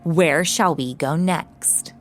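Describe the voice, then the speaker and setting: A woman's voice: low-pitched, slow pace. A woman giving scripted narration between interview clips, with a dramatic storytelling delivery. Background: music.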